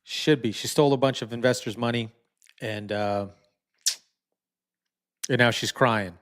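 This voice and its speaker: A man's voice: mid-range voice, fairly even intonation, normal speed, fairly bright tone. A man hosting a commentary channel, talking bluntly and indignantly, often repeating himself. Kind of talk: casual online commentary.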